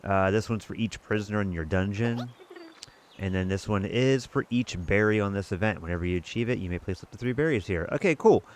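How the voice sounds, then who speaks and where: A man's voice: lowish voice, a little fast. A man hosting his own gaming channel, chatting casually and rambling while he plays a board game adaptation. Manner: chatty, rambling, self-amused. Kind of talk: casual let's-play commentary.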